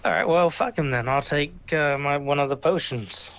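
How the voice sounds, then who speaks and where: A man's voice: fairly high pitch, normal speed, fairly bright tone. A man playing in a tabletop game, offhand and unsure of the rules. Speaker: player.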